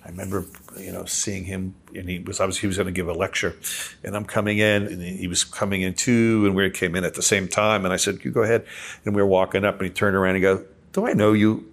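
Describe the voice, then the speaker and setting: A man's voice: sits low, level tone, vocal fry, a bit bright. A man, a professor and filmmaker, telling a rambling anecdote in an oral history interview. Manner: rambling storyteller, quick asides.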